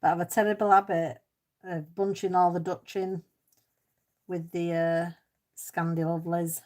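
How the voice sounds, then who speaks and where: Woman hosting a cosy live stream, slightly low voice, relaxed and chatty. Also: normal speed. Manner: chatty, reads out and answers viewers' comments; self-deprecating, laughs easily. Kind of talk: casual chat while colouring.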